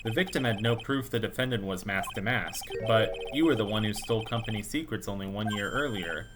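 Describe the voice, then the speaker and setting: Against some background noise, a man with a lowish voice reads a courtroom game aloud for a playful let's play. He gives the characters voices and keeps up a jokey stream of puns, riffs and brief asides.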